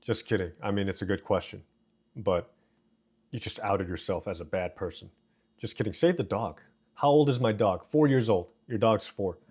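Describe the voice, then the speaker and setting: A man's voice: lowish voice, normal speed, a little mellow, slightly rough. A man streaming live, reading his chat aloud and bantering with his viewers in a joking way. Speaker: livestreamer. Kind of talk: casual livestream chat.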